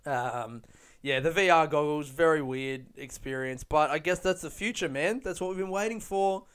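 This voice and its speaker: Relaxed male podcaster, smooth clear voice, talking casually outdoors. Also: fairly high pitch, normal speed. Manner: laid-back, rambling, laughing. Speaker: podcast host. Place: outdoors under a tree.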